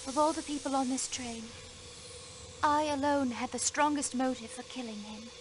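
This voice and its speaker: A woman's voice: high-pitched, steady tone, normal speed, slight background noise, close to an everyday voice. A woman playing a guarded aristocratic countess. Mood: grieving. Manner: guarded, cool, formal. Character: guarded aristocratic young countess with hidden grief. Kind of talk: video game voice acting.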